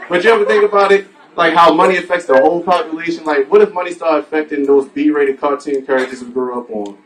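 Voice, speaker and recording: A man's voice: fairly high pitch, quick pace. A man doing a stand-up comedy set on a club stage, crude and playful with the audience. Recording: distant mic with music behind.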